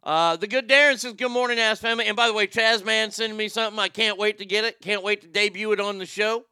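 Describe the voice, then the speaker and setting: A man's voice: high voice, steady tone, fast talker, bright, forceful tone, smooth, dry recording, studio quality. A man hosting a casual morning show, reading out listener messages and ranting with plenty of swearing. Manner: profane, ranting, reads listener messages aloud. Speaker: show host.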